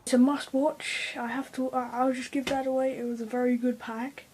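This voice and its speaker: A man's voice: very high voice, level tone, normal speed, a little mellow, a little hiss or hum, voice pushed up. A teenage boy doing a put-on accent in a hyped, repetitive gaming video intro, played back from an old video. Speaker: gaming YouTuber.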